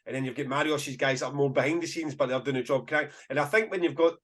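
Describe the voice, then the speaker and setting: This man from Scotland promotes festivals and spins yarns on a laid-back podcast. He talks quickly at a medium pitch, an animated storyteller who keeps breaking into laughter.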